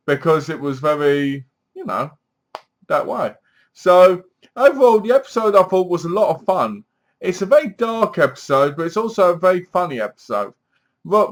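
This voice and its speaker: A man's voice: medium pitch, fairly bright tone. A man giving a casual spoken review of a TV episode, chatty and leaning on "basically" as he recaps. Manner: chatty, keeps saying "basically".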